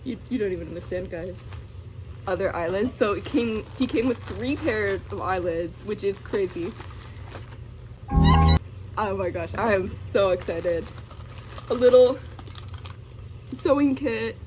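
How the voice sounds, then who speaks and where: A woman's voice: mid-range voice, a little slow, long pauses, darkish tone, slight background noise. A young woman vlogging casually, giggling and gushing with many fillers as she unboxes something.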